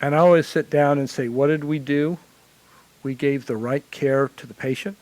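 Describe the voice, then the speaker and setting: A man from Illinois who works as a hospital chaplain, telling lively stories to a forum audience. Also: on the high side, moderate pace, no echo, rough recording. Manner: animated anecdotal storytelling. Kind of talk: conference panel storytelling.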